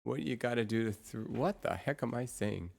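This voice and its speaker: A woman's voice: extremely low pitch, animated, normal speed, vocal fry, a little mellow. A woman streamer chatting casually with her viewers through a real-time AI voice changer, muttering to herself while she sets up her screens. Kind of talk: casual live-stream chat.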